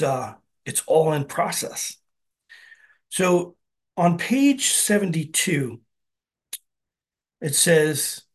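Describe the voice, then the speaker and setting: Speaking with a fairly high, slightly rough voice, this man opens up at a recovery meeting in an earnest, conversational way. He often turns to the room with a quick "right?"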